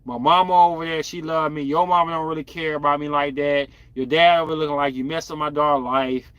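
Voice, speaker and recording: A man hosting a podcast, chatting casually and bluntly in slang with animated outbursts as he reacts to viewer comments. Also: a little high, fairly quick, smooth, no room sound. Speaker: podcast host.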